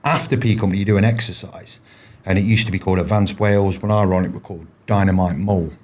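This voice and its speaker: A man's voice: low voice, fairly even intonation, fast, a little mellow. A man, a former paratrooper, telling his stories in a casual interview, rambling with frequent restarts and fillers. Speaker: podcast guest, former paratrooper.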